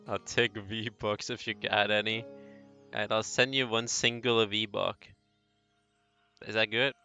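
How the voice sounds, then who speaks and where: A man streaming a story game, breaking off into offhand, joking remarks. His voice has a bright, forward edge, and faint music runs underneath. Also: lowish voice, steady tone, very slow, long pauses. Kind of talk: casual gameplay commentary.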